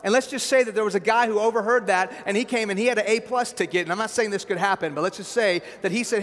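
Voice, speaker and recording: A man's voice: sits high, animated, a little fast, hardly any pauses, fairly bright tone, in a large hall. A man preaching a sermon in a conversational way, often checking in with the listeners. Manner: conversational preaching with asides like "right?" and "okay?".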